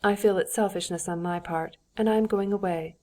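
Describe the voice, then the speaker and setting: A woman's voice: mid-range voice, steady tone, normal speed, darkish tone, lightly acted. A woman voicing Betsy, an ironic society princess. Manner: affable, ironic, persuasive.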